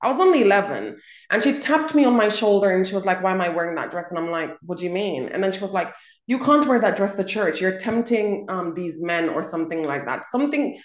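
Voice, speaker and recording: A woman's voice: fairly low pitch, expressive, quick pace. Emphatic woman telling a story, roomy sound. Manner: emphatic storytelling, repeats words for stress. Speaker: co-host. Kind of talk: casual chat. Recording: roomy echo.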